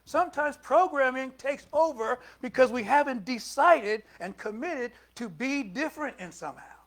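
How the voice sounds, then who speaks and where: An older man preaching a sermon in a conversational way, putting questions to the congregation and moving between loud and soft. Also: extremely high pitch, lively intonation, moderate pace. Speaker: minister.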